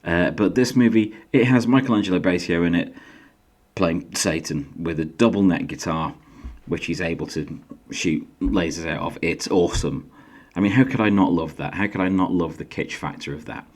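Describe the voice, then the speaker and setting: A middle-aged man with a faded Yorkshire accent hosts his own video channel in a loose, chatty way. He pokes fun at himself now and then, and his low voice jumps up sharply in pitch when he gets excited. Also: moderate pace. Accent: faded Yorkshire English. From Yorkshire, England. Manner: chatty, self-deprecating, lively pitch jumps. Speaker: YouTube host and author. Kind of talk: casual solo vlog.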